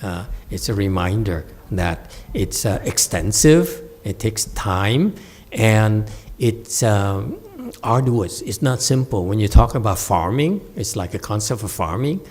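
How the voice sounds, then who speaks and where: A man giving a Buddhist Dharma lecture, halting with fillers, often checking that listeners follow and teasing them now and then. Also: fairly low pitch, expressive, a little mellow, husky. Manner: slow, halting with many fillers, asks listeners to confirm; playful teasing asides to the audience. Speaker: Buddhist teacher. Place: meditation center hall.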